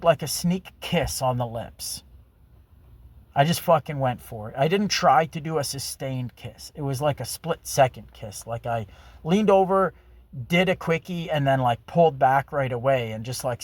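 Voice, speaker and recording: A man's voice: mid-range voice, normal speed, no room sound. A man telling a personal story in a rambling, casual monologue full of fillers and crude language. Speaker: vlogger.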